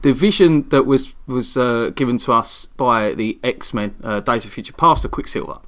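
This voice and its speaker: A man, co-hosting a casual film chat, jokey, agreeable and quick to laugh. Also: mid-range voice, a bit bright. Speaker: podcast co-host.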